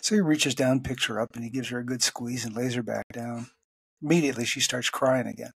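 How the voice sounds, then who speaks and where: A man co-hosting a podcast with a slightly husky, mid-pitched voice, recorded dry and close. He tells a joke in an unhurried, chatty way and lifts his voice for the characters' lines. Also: fairly even intonation, no room sound. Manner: tells jokes at an easy pace, pitching up for quoted lines. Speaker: podcast co-host. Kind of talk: casual joke-telling chat.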